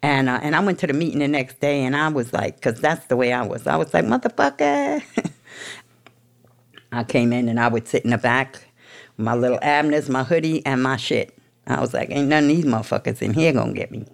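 A woman's voice: extremely low pitch, normal speed. A woman with a New York accent telling her recovery story candidly, in a blunt, profane, street-tough way. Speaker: speaker sharing a recovery story.

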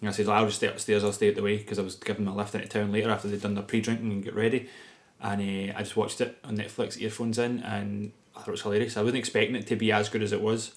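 A man's voice: lowish voice, flat delivery, very fast. A Scottish man co-hosting a casual podcast, rambling through crude anecdotes and laughing at himself. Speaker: podcast co-host. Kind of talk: casual banter.

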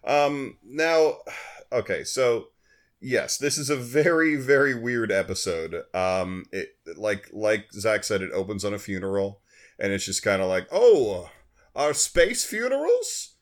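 A man's voice: on the low side, a little slow. A man on a podcast, joking and asking his co-hosts questions, laughing often. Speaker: podcast co-host. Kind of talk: casual chat.

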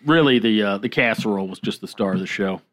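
A man co-hosting a podcast, telling a story in a relaxed way with many pauses and self-deprecating laughs. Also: on the low side. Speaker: podcast co-host. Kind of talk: casual chat.

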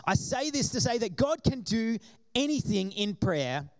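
A high-voiced man from Australia preaches to a church congregation. He tells personal stories in a lively way and plays out the voices of the people in them. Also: unhurried. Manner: animated storytelling, acting out quoted voices. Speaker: pastor.

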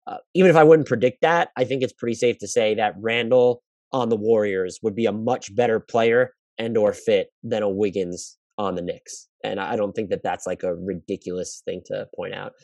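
Man, low voice, dry close sound, casual solo podcast, hedging and restarting. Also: steady tone, moderate pace, a little mellow, no echo. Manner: thinks aloud with frequent restarts and hedging. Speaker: basketball podcast host answering listener questions.

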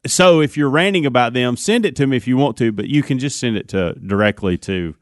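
A man's voice: medium pitch, lively intonation, a little fast, dry recording, clean studio sound. A man hosting a radio talk show, rambling and often restarting his sentences.

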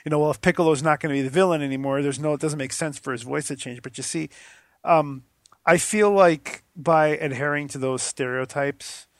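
Guy cohosting a podcast, kinda high voice, bone dry close mic, jokey and animated. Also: a little fast, no echo. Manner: animated, jokey, drops to a near-whisper to imitate soft talk. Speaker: podcast co-host. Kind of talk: casual podcast chat.

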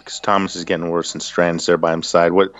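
A man's voice: deep voice, flat delivery, a little fast, a bit bright, lo-fi sound. A man hosting a casual chat, leading the talk and laughing often. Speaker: podcast host.

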